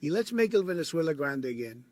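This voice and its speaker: A man's voice: a little high, very animated, fast talker, darkish tone, dry recording. A man playing a boastful older male politician in a comic impression, blustering and peppering his talk with mock-Spanish words. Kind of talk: comedic impression video.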